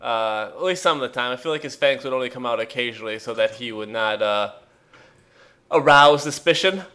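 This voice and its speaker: A man's voice: medium pitch, fairly quick, bright, forceful tone. A man co-hosting a podcast in casual chat, rambling and joking, trailing off into fillers. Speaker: podcast co-host. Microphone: remote call mic.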